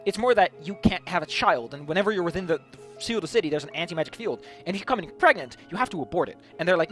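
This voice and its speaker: Guy talking fast with a high voice, rambly, keeps restarting words, faint music behind. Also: animated, fairly bright tone. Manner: rambling, many repeated restarts. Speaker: tabletop game video host. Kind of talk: casual rambling monologue.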